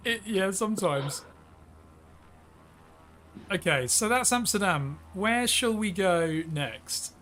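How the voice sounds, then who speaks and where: A man's voice: high voice, a bit bright, slight background noise. An English man hosting a live flight simulator stream, upbeat and chatty, laughing often and coaxing viewers into the chat.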